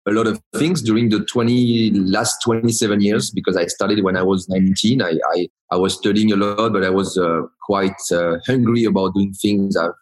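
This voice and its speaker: A man in his forties with a strong French accent, a podcast guest talking with many pauses and restarts. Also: lowish voice, steady tone, poor audio. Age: 40s. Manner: hesitant, many restarts and fillers. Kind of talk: casual interview talk.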